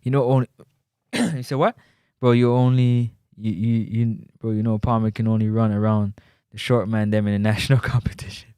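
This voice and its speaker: Animated Jamaican sports talk host. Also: male voice, lowish voice, moderate pace, clear, resonant tone, dry recording, studio quality. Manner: animated, teasing, slips into patois. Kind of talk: casual football talk show reading live chat.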